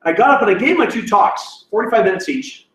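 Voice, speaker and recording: A man's voice: high-pitched, expressive, quick pace, fairly bright tone, slight background noise. A man giving a sermon as guest speaker, telling stories with self-deprecating humor and laughing at himself. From Canada. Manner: self-deprecating, laughs at his own story. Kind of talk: sermon storytelling. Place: church auditorium. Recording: echoey hall, distant mic.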